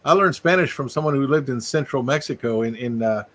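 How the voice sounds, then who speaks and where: A man's voice: medium pitch, a little fast. A man hosting a casual live-stream chat, telling stories animatedly and laughing as he talks. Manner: animated storyteller, laughs while talking. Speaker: host.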